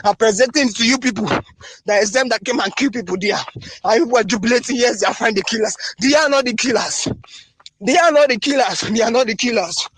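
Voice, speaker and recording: A man's voice: very high voice, fairly quick, a bit bright, husky, no echo. A man from northern Nigeria, making a fervent, pleading appeal in a phone voice recording, hammering the same phrases again and again. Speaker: voice-note caller. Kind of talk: impassioned voice-note appeal.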